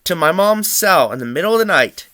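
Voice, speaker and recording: A young man from Pennsylvania telling family anecdotes in an animated, chuckling way for a student project. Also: high-pitched, brisk, dry recording, clean studio sound. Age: young adult. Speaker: student storyteller.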